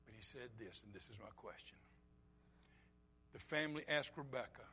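A man preaching a sermon, swinging from loud emphatic lines to quiet low asides and acting out short bits of dialogue. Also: normal speed, creaky, long pauses, a little hiss or hum. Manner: acts out short quoted dialogue.

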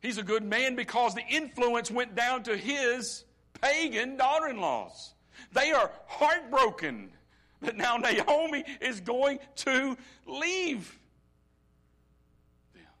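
A middle-aged man preaching a sermon as pastor, swinging from hushed, near-whispered lines to loud, ringing ones and stretching out key phrases slowly. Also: very high voice, lively intonation. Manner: slow, drawn-out emphasis on key phrases.

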